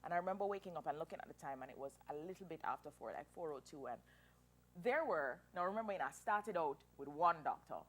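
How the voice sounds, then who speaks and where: Interview guest, woman, 30s, low voice with very lively pitch, emotional storyteller. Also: quick pace, husky. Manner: animated, emotional, laughing through tears.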